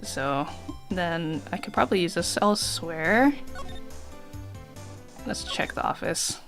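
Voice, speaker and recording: A woman's voice: fairly low pitch, lively intonation, takes it slowly, gravelly, faint music behind. A woman streamer chatting casually while playing a game. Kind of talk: casual live game commentary.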